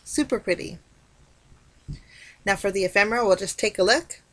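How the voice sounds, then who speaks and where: A woman's voice: mid-range voice, fairly even intonation, fast, a bit bright. A woman hosting a crafting video, chatting enthusiastically as she walks through a card kit. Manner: chatty, enthusiastic, frequent "super pretty". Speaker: crafting channel host. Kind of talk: casual product walkthrough.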